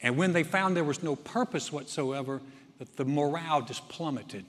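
A man's voice: fairly high pitch, normal speed. A man from North Carolina preaching a sermon in a folksy, conversational way. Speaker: pastor. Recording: long hall reverb.

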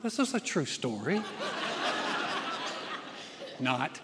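A man's voice: mid-range voice, big pitch swings, very slow, heavy background noise. A man from North Carolina preaching a sermon in a folksy, conversational way. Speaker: pastor. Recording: long hall reverb.

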